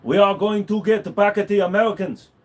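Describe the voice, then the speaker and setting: An older male mentor with a put-on Japanese accent, as a man acts him out, his voice pushed well above a normal speaking pitch. He speaks in clipped, broken sentences with a sly, scheming edge. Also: steady tone, brisk, natural voice.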